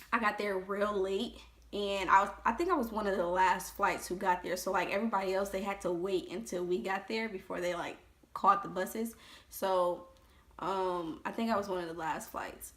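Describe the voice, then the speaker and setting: A woman in her twenties telling a story to her vlog audience in a loose, animated way, full of fillers. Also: medium pitch. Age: 20s. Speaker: vlogger. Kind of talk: casual storytelling to camera.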